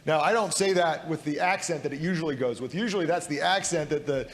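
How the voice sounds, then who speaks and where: A man's voice: on the high side, fast talker. A man who is a state legislator giving an argumentative floor speech, often tossing in rhetorical "right?" asides. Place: large legislative chamber. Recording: echoey hall reverb.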